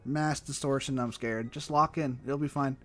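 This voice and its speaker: A man streaming a game from home on a desk microphone, chatting in a loose, rambling, excitable way with laughs and casual swearing. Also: medium pitch, moderate pace. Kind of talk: casual live-stream chat while playing a game. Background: faint chill background music.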